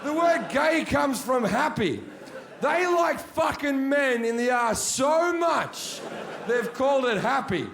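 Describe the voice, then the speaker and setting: Crude stand-up comic, a man with a high-ish voice, taped live in an echoey venue with audience noise. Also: animated, takes it slowly, gravelly, fairly bright tone. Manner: brash, crude, mocking punchlines. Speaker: stand-up comedian. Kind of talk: stand-up comedy set. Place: large theater with audience.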